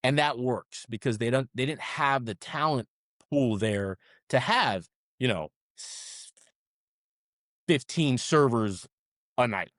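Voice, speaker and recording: A man guest on an interview podcast, telling animated stories and often ending his points with "right?". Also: medium pitch, takes it slowly, no echo, studio quality. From South Florida. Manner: animated storyteller, tags many sentences with "right?". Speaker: restaurant management co-founder, guest. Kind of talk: conversational interview.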